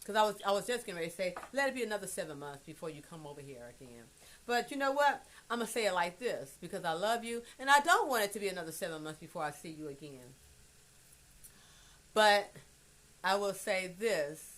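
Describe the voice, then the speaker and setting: A woman's voice: mid-range voice, lively intonation, fairly quick. Blunt rambling woman livestreaming. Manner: rambling, blunt, swears freely, swings between soft and loud. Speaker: livestreamer addressing her adult son. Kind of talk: emotional livestream monologue. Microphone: phone livestream.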